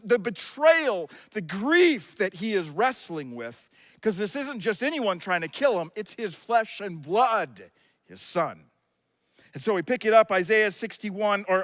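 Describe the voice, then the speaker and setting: High, bright-voiced man preaching with passion. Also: no room sound. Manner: impassioned, shouts out acted quotes. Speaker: pastor. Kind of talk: sermon.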